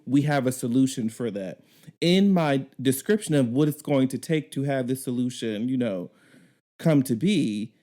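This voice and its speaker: A man co-hosting a podcast, telling a story in casual, animated chat and swearing now and then. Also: mid-range voice. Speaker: podcast co-host.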